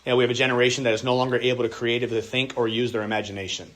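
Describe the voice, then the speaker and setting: A man's voice: mid-range voice, little pitch movement, racing, fairly bright tone. A man, a pastor, teaching a church workshop on parenting in a casual, conversational way, now and then acting out the voices of kids and parents.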